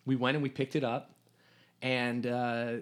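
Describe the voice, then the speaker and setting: A man from Hungary, a podcast guest, telling a story in an animated, rambling way with lots of restarts. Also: medium pitch, a little slow. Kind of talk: casual storytelling.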